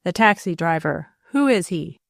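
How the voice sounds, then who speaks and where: Brief: a woman doing a prying male butler, slow and insinuating, near her own voice. Dry close read. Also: on the low side, expressive, creaky, dry recording. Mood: pressing.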